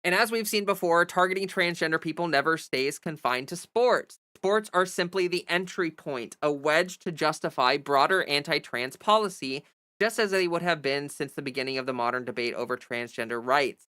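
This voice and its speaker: A woman's voice: low voice, moderate pace, a bit bright, dry recording, studio quality. A young woman hosting a livestream, reading a news article aloud and breaking off into exasperated, sarcastic commentary. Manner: reads news text, then breaks off into exasperated sarcastic asides.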